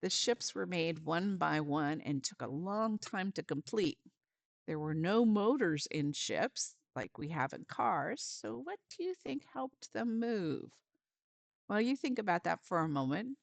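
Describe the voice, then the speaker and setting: A woman's voice: on the low side, animated, measured pace, creaky, no echo. A woman volunteer giving a friendly step-by-step craft lesson for parents and children, with some fillers.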